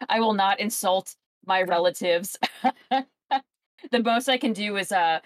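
A woman's voice: medium pitch, unhurried, dry recording. A woman player at a tabletop game, talking casually and hesitantly with many fillers.

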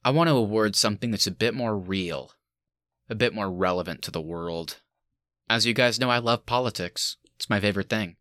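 A man's voice: lowish voice, normal speed, fairly bright tone, no room sound, clean studio sound. A man co-hosting a movie review podcast in casual chat, with sarcastic mock speeches and frequent laughter. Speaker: podcast co-host.

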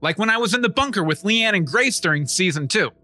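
A man as a cocky, foul-mouthed TV newsman in a comedy audio play, all bluster. His voice is high and very bright, leaping up and down with every jab. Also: lively intonation, fast talker, heavily acted. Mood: brash. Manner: crude, blustering. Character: brash profane male TV newsman.

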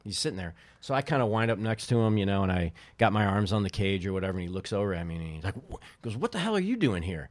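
Speaking very fast with few pauses, a low-pitched middle-aged man who formerly co-owned a baseball team tells meandering stories in casual chat. He often cuts himself off mid-sentence, and there's no echo on the recording.

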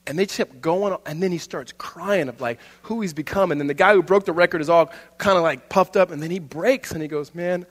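A male pastor giving a conversational sermon, swinging between loud and hushed and laughing often. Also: a little high, fairly quick, hardly any pauses, breathy edge, long reverb tail.

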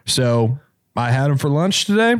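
A man's voice: mid-range voice, big pitch swings, normal speed, no echo, clean studio sound. A young man with a cold and stuffy sinuses, co-hosting a comedy podcast in loose, rambling, joking banter. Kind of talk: casual banter.

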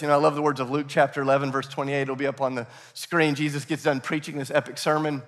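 A man preaching a sermon as pastor, energetic, repeating key phrases and prompting the congregation to call out answers. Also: fairly high pitch, fast talker, hardly any pauses. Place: church sanctuary. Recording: echoey hall reverb.

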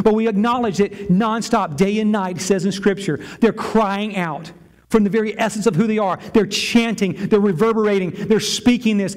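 A man preaching a sermon to his church, impassioned and given to repeating phrases in a chanting rhythm. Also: sits high. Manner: impassioned, repetitive chanting cadence. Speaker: pastor.

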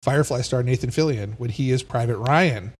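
A man hosting a relaxed chat about movies, his voice sitting at a middle pitch. He retells scenes with animation and slips into quoted lines. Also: brisk.

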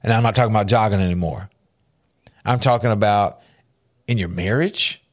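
A radio host with a lowish voice and a moderate pace delivers a faith-based motivational talk from a studio with a large window. He is earnest and emphatic, repeating key phrases for effect.

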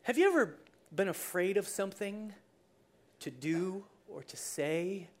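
A preacher delivering a sermon in a conversational way, telling the story with lively asides and acting out the scenes. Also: medium pitch, measured pace. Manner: animated storyteller who acts out scenes.

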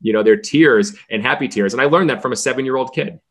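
A man who runs a baseball team, telling stories as a podcast guest in an energetic way that acts out the voices he quotes. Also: mid-range voice, quick pace.

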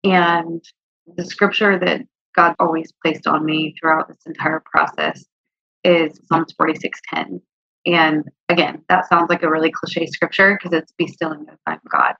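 A woman's voice: deep voice, flat delivery, moderate pace, gravelly, bright, forceful tone, no room sound. A woman guest sharing her faith testimony in an earnest, heartfelt way, at times close to tears. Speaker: interview guest. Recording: dull, slightly lo-fi, dry sound.

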